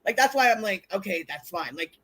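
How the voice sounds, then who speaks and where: A woman's voice: mid-range voice, animated, brisk, a crowd in the background, rough recording. A woman guest in a casual interview, talking bluntly and swearing freely, acting out other people's lines as she tells her stories.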